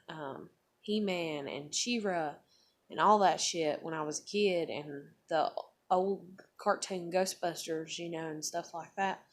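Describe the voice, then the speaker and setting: Rambling, profane woman in her thirties. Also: low-pitched. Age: 30s. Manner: rambling, profane, full of fillers. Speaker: vlogger. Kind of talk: casual rambling monologue.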